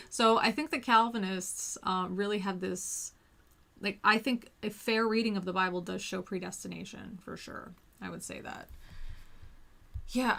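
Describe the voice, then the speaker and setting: A woman hosts a relaxed, casual talk in a voice of middling pitch. She rambles and often restarts her sentences. She fills her pauses with frequent ums. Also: creaky. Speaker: host. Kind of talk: casual chat.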